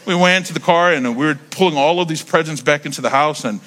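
Bright, animated preacher man. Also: a little high, quick pace. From United States. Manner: animated, conversational, repeats words while building stories. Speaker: pastor. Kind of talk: sermon storytelling.

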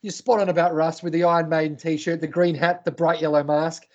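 High-voiced Australian man, lo-fi sound. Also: little pitch movement, fairly quick. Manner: joking, mock-indignant banter. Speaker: podcast co-host. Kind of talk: casual sports chat.

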